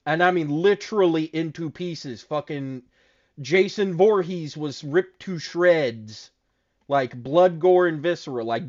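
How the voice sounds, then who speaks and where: A man co-hosting a casual chat show, telling stories in a profane, animated way. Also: a little high, highs cut off. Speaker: podcast co-host.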